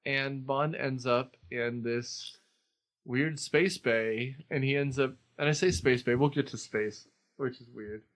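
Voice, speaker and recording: A man's voice: medium pitch, fairly even intonation, a little slow, fairly bright tone, low-quality recording. A man hosting a podcast, casually recapping a film in a rambling way and often laughing at his own jokes. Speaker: podcast host.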